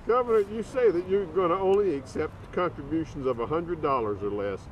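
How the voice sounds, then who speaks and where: A man's voice: fairly high pitch, animated, fairly quick, lo-fi sound, a little hiss or hum. A male reporter asking direct, probing interview questions.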